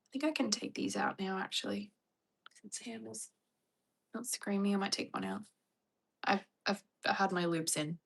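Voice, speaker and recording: A woman's voice: medium pitch, moderate pace, vocal fry, pauses often, breathy edge. A young Australian woman chatting casually on a livestream with a wry, chatty manner. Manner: chatty, wry, mock-dramatic impressions.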